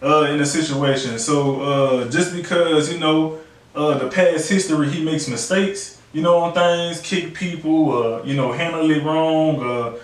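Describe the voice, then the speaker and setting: A man's voice: fairly high pitch, a little slow. A man co-hosting a casual sports chat, talking loosely with lots of slang and fillers. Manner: loose, slangy, acts out players' lines in a raised voice. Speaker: podcast co-host. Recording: echoey room, mic at a distance.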